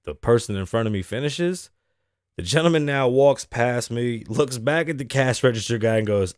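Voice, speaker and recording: A man's voice: mid-range voice, animated, normal speed, long pauses, no room sound, clean studio sound. A man hosting his show, telling a casual, profane story time with lots of laughing. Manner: laughs often between lines. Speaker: host.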